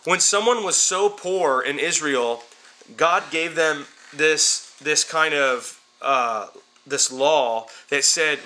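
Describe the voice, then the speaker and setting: A male Bible teacher lectures his class with a bright, ringing voice pitched a little above average. He is emphatic and informal, calling his students "guys" and repeating words as he builds toward each point. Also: slow.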